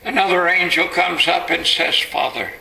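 A man preaching a sermon, telling the story dramatically and building to shouted climaxes. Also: fairly high pitch, animated, slow pace, poor audio.

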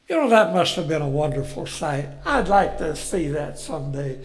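A man preaching a folksy Bible sermon, telling the story with rhetorical questions and chuckles, and swelling loud on key phrases. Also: fairly high pitch, very animated, moderate pace, hardly any pauses, soft background music.

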